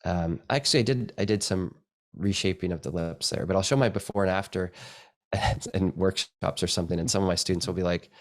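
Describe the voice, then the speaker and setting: Brief: deep male voice, casual and meandering presenter, lots of restarts. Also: brisk. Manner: rambling, restarts often, soft-spoken asides. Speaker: photographer presenting his work. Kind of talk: casual talk with slides. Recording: dry event space with live video call.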